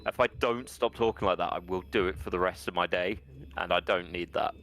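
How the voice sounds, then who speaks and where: A man's voice: deep voice, brisk, fairly bright tone, a little hiss or hum. A man streaming a video game, chatting casually, rambling in a joking way, and swearing freely. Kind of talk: casual chat while gaming.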